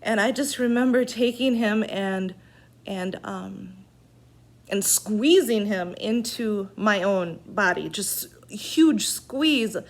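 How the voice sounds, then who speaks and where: A woman recounting a personal event in an unscripted way, halting and earnest, with pauses. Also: mid-range voice.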